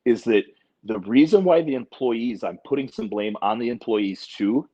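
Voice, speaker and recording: A man in his forties co-hosts a casual podcast chat in a warm, mid-range voice at a moderate pace. He talks bluntly and emphatically with plenty of profanity, and the recording is dull and lo-fi.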